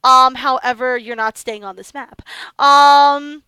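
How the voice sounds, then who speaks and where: A woman narrating a tabletop game as game master, excited and halting as she speaks. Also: sits high, clean tone, no echo.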